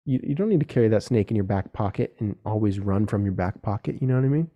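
A man's voice: lowish voice, expressive, quick pace, warm tone, muffled recording. A young man hosting a solo podcast, talking earnestly and directly to other men, casual and with some swearing. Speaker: podcast host.

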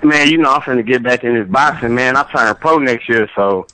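A man's voice: medium pitch, brisk, bright, forceful tone, dry recording, poor audio. A man calling in to a podcast, laid-back and repeating himself in casual chat. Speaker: caller. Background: friends talking and laughing.

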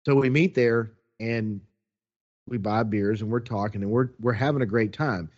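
A man's voice: on the low side, normal speed, lo-fi sound. Chatty man telling a story. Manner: animated, chatty, quotes people as he goes. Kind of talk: casual storytelling.

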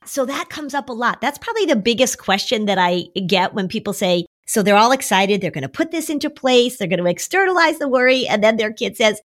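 A middle-aged woman, a therapist, talking on a podcast, animated and coaching, sometimes jumping into a high voice to mimic a child. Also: brisk, hardly any pauses. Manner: animated, acts out worried kids in a high voice. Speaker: anxiety therapist and podcast co-host. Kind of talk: podcast conversation.

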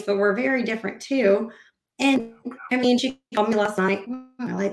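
This woman, a guest on a podcast, speaks fairly quickly in a voice on the high side, recorded in an echoey room. She's animated and casual, acting out quoted exchanges and rambling with lots of fillers and restarts.

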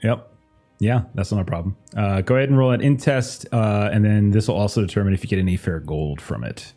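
A man's voice: on the low side, brisk, mellow, soft background music. A man narrating as game master in a tabletop game, rambling with many fillers.

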